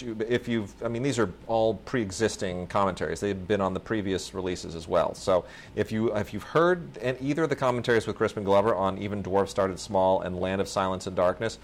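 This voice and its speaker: A man co-hosting a podcast, rambling enthusiastically and with some self-mockery about a film collection. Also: fairly low pitch. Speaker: podcast co-host. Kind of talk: casual chat about home video releases.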